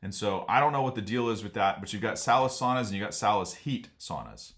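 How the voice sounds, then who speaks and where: A man's voice: lowish voice, expressive, fast, a bit bright. A man hosting a casual vlog, rambling and frank as he warns viewers about a business problem. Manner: rambling, frank, laughs at absurd points. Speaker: sauna business owner and channel host.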